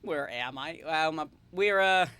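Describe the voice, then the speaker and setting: A woman's voice: sits low, a little slow, a bit bright, smooth. A woman livestreaming a game in a casual, chatty way, giggling often and reading dialogue aloud. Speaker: streamer. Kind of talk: casual live game stream.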